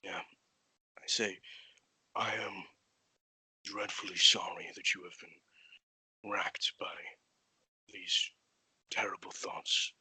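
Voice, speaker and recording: Husky male player, bright, dry close sound, courtly in-character speech. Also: deep voice, fairly even intonation, takes it slowly, long pauses, no echo, in a whisper, low-quality recording. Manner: formal, courtly phrasing. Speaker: player voicing a paladin. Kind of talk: in-character tabletop role-play.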